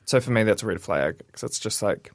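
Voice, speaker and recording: A man, co-hosting a casual radio chat and reading quiz items aloud in a steady list. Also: lowish voice, fairly quick, gravelly. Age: 20s. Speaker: radio co-host. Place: radio studio.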